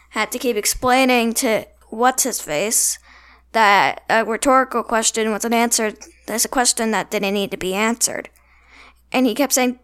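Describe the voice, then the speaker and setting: A woman's voice: on the high side, a bit bright, clean tone. A woman co-hosting a podcast, chatting playfully and teasing her co-host. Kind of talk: casual chat.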